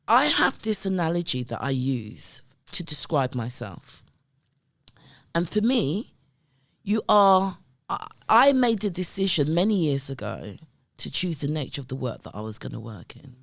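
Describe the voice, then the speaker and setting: A middle-aged woman speaks as a podcast guest in a low-set but very lively voice that rises and falls freely. She tells her stories emphatically and keeps checking in with her listener. The sound is close and dry. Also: vocal fry, no room sound. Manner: emphatic, animated, often addresses the listener with "right?" and "yeah?". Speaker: guest, community development worker. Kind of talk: conversational storytelling.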